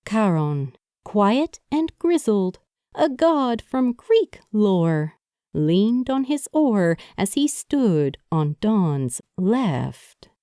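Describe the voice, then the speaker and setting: A woman narrating a supernatural romance audiobook with even, measured storytelling. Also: mid-range voice, clear, resonant tone, no echo, clean studio sound. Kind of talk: scripted narration.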